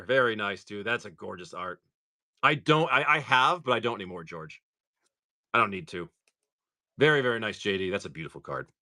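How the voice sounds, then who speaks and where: A man hosting a live stream, chatting casually and excitedly to viewers as he opens card packs. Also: mid-range voice.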